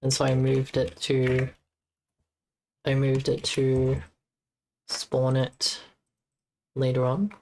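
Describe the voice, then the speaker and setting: A woman streaming as she debugs her game, muttering to herself in a halting, casual way. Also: rumbling low, completely flat delivery, mellow, a little hiss or hum. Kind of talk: casual live-stream coding commentary.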